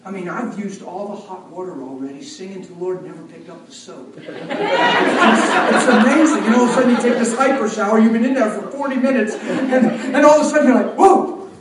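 A man preaching a sermon as an animated storyteller, swinging between loud bursts and hushed asides. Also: high voice, a little fast, background noise. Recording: echoey hall from far off.

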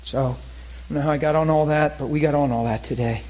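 Telling stories from the pulpit, this man keeps a conversational tone that turns animated, with laughter and shouting at the climaxes. He speaks quickly at a fairly high pitch, and the recording is rough.

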